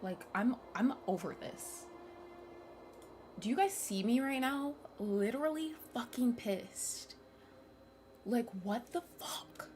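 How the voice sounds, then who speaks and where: A young woman streaming a game, talking to her chat, loud, emotional and profane, laughing often. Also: fairly high pitch, expressive, slow, long pauses, a little hiss or hum.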